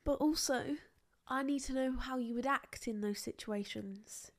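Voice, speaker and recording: A woman's voice: high voice, measured pace. A young woman, co-hosting a podcast in frank, teasing casual chat. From England. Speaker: podcast co-host.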